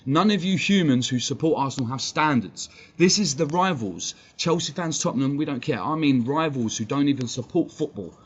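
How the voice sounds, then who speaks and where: A man's voice: mid-range voice, animated, normal speed, few pauses, husky. A man ranting bluntly on a live fan stream, swearing and combative. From England. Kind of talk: heated live-stream rant. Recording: dull lo-fi stream audio, faint background noise.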